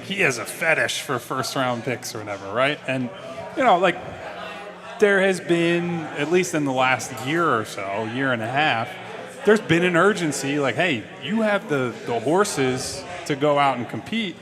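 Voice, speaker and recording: A man co-hosting a live basketball draft show, talking fast and animated and ribbing his co-hosts. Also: mid-range voice. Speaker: sports podcast co-host. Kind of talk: casual live draft-night panel chat.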